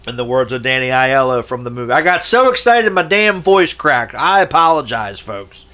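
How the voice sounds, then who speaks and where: A man's voice: medium pitch, very animated, normal speed, hardly any pauses, bright, forceful tone. A man casually showing off his tape collection, rambling and swearing freely between jokes. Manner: rambling, profane and jokey. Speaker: VHS collector vlogger. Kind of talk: casual show-and-tell.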